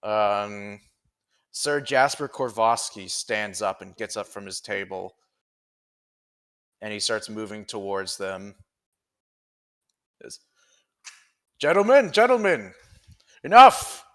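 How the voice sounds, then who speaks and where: A man's voice: on the low side, steady tone, takes it slowly, pauses often, a bit bright, clear, resonant tone. A man narrating a tabletop game as game master, rambling and cursing casually as he describes the scene. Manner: rambling, profane, chuckling.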